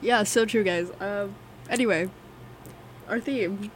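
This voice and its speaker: A woman's voice: medium pitch, takes it slowly, slight background noise. Young woman on a college radio show, medium voice, playful teasing quips. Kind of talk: casual chat.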